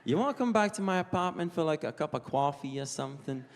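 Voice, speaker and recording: A Scottish comedian voicing a smooth young ladies' man in a put-on New York accent, with a low, slick drawl. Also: lively intonation, fast. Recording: long reverb of a live venue.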